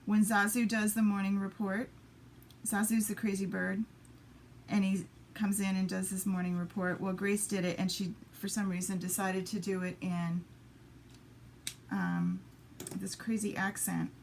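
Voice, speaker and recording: A woman's voice: mid-range voice, level tone, measured pace, a little mellow, a little hiss or hum. A woman demonstrating papercraft in a casual live stream, chatting to viewers and muttering little asides to herself as she works at a home craft table.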